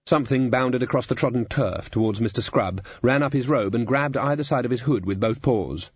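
Man reading a funny fantasy book, dry even delivery, husky, kinda dull lo-fi sound. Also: mid-range voice, brisk. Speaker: audiobook narrator. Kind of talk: scripted narration.

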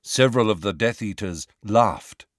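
A man reading a fantasy novel aloud as narrator, measured and dramatic. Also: fairly low pitch, no room sound, clean studio sound. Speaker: audiobook narrator. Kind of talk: scripted narration.

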